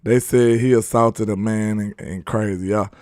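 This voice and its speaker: A man's voice: lowish voice, fairly even intonation, moderate pace, a little mellow, no echo, clean studio sound. A man hosting a sports live stream, chatting casually and reading viewer comments aloud in a laid-back, slangy, joking way.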